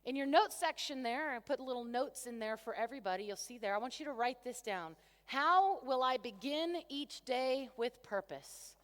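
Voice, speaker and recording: High pitched lady coach hyping up a conference crowd, big echoey convention hall. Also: animated, moderate pace, few pauses, fairly bright tone. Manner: enthusiastic, talks to the crowd, rhetorical questions. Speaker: motivational coach. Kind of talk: energetic conference keynote. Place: large convention centre hall. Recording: long reverb of a big hall.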